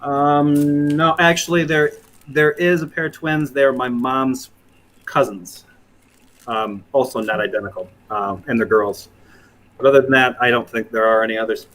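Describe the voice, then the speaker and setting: A man's voice: mid-range voice, fairly even intonation, moderate pace, fairly bright tone. A man talking in a casual chat as a guest, hesitant, with frequent restarts. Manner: hesitant, many restarts and ums.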